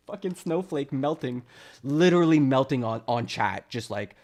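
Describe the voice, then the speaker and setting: A man's voice: medium pitch, expressive, measured pace, a little mellow. A man from Canada ranting sarcastically on a live stream, mocking chat with laughs and put-on voices. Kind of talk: casual live-stream rant.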